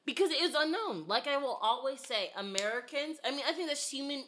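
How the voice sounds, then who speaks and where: A woman in casual podcast chat, talking in an animated, emphatic way. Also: high-pitched, fairly quick, slight background noise.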